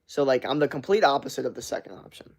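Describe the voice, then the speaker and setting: A young man with a medium-pitched, slightly rough voice talks fast and expressively during a live stream. He chats loosely and swears as he reads chat messages aloud and responds to them.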